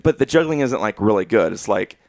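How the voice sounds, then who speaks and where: Gravelly man telling an animated story. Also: fairly low pitch, a little fast, no room sound. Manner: animated storyteller acting out quotes. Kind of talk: casual storytelling chat.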